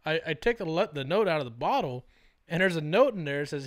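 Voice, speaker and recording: Young male podcast co-host, rowdy storyteller, slightly high voice. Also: fast. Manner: animated storytelling, swearing, laughing often. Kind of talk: casual podcast banter.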